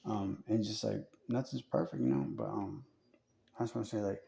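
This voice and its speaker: A man rambling through a casual monologue, swearing freely and filling it with "like" and "you know." His voice is gravelly and very dark and mellow. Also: lowish voice, steady tone, fast, dull audio. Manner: rambling, profane, heavy on fillers.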